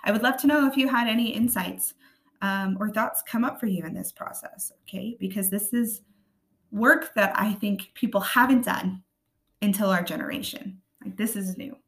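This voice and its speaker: A woman with a raspy voice hosting a podcast, talking earnestly and often checking in with her listeners. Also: mid-range voice, normal speed, a bit bright. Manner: earnest, checks in with tag questions like "right?" and "okay?". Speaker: podcast host. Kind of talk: casual podcast monologue.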